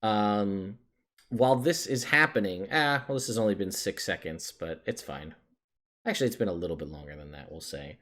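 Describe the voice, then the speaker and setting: A man narrating as game master of a tabletop game, halting and filler-heavy, often amused. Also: lowish voice, a bit bright.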